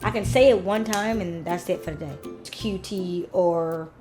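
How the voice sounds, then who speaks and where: A woman's voice: lowish voice, normal speed, over music. Chatty woman recapping a show. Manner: chatty, rambling, asides to viewers. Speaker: recap vlogger. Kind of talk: casual recap chat.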